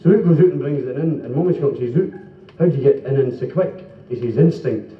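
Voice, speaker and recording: A Scottish man telling quick jokes in a live stand-up set, slipping into comic voices and asides. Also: medium pitch, very noisy. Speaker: stand-up comedian and singer. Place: club function room before a live audience. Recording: 1970s live club recording, roomy, dull, from far off.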